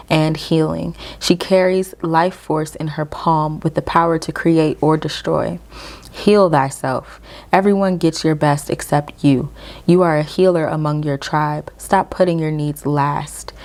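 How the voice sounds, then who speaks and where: Low-voiced woman giving a tarot reading. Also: a little mellow. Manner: encouraging, addresses viewers directly with frequent "okay?"; reads aloud from a guidebook in slow measured phrases. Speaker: tarot reader. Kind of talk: casual tarot reading to camera.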